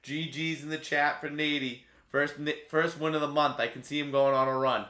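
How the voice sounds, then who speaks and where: A man hosts a live stream with a bright, forward voice. He calls the race play-by-play, swinging from quiet asides to sudden loud cheering. The room around him rings with echo. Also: a little high, fairly even intonation, normal speed. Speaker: stream host.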